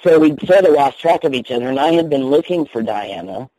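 A man with a soft North Carolina Southern accent tells his story in an easy, candid way, laughing now and then. His voice is warm and relaxed, recorded dry and close. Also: medium pitch, fairly quick, no room sound, rough recording. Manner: chatty, candid, laughs easily. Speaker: guest minister. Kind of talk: storytelling in a radio interview.

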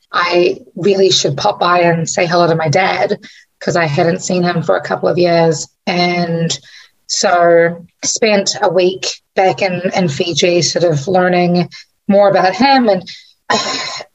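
Gravelly-voiced woman from New Zealand. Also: lowish voice, muffled recording. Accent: New Zealand with slight American twang. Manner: warm conversational storytelling with frequent restarts. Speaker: musician guest. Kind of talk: radio interview, storytelling.

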